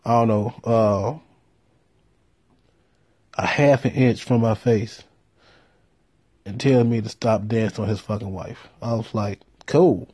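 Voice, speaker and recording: A man telling a profane story in a laid-back way, with deadpan punchlines. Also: fairly low pitch, unhurried, long pauses, slightly rough. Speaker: storyteller host.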